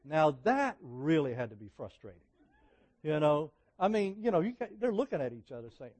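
A middle-aged man preaching a sermon, telling personal stories in a conversational way that swings from emphatic peaks to quiet asides. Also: on the high side, very animated, normal speed.

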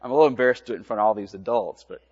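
A middle-aged man, a pastor, giving a gentle children's sermon in a church, telling a story in simple words. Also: fairly low pitch, rapid-fire, slightly rough. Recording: reverberant church, dull lo-fi sound.

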